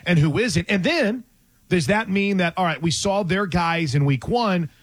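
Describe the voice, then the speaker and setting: In a close, dry recording with no echo, a podcast co-host with a voice slightly high for a man talks sports casually. He's chatty and animated, unhurried, and works through his points out loud.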